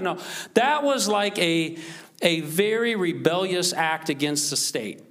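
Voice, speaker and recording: Lively pastor preaching. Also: male voice, sits high, a little slow. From United States. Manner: lively, conversational preaching with rising emphatic scripture reading. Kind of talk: sermon.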